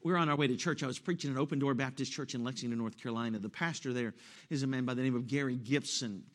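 A man preaching an emphatic sermon, telling a story along the way and rising to loud peaks. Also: mid-range voice, fast. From West Virginia.

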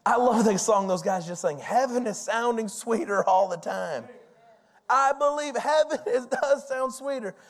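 A pastor in his forties preaching a sermon, telling personal stories in an animated, folksy way. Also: very high-pitched, measured pace.

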